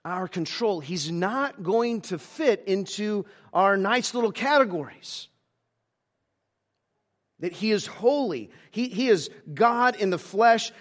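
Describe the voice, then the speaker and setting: A male pastor preaching a sermon, halting with many restarts, moving between emphatic lines and hushed ones. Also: sits high, animated.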